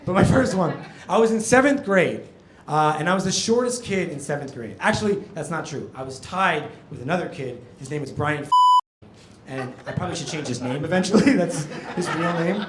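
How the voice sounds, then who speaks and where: Lively high-voiced stand-up comic man. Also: moderate pace. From New Jersey. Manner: animated storyteller who jumps to loud punchlines. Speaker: stand-up comedian. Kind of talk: stand-up comedy set. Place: comedy club stage. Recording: roomy club sound with noise.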